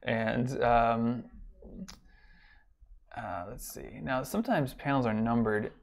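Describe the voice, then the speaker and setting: A man's voice: medium pitch, slow, creaky. A man teaching a college class online in a loose, rambling way, with many fillers and restarts. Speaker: college instructor. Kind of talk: casual online lecture.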